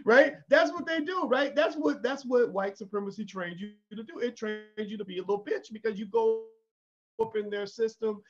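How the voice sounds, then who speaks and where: A man's voice: sits high, moderate pace, muffled recording. A man giving an emphatic opinion monologue, often asking 'right?' and restarting his sentences. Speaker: commentator.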